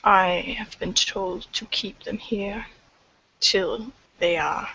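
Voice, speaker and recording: A woman voicing a calm, stern elder male healer in a tabletop role-play. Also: mid-range voice, slow pace, lo-fi sound, a little hiss or hum.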